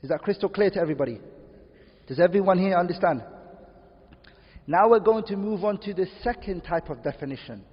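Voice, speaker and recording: A man's voice: high-pitched, animated, a little fast, long pauses, slightly rough. A man teaching a class, asking his listeners questions and repeating key terms. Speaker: lecturer. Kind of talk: classroom lecture. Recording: dull lo-fi recording in a reverberant hall.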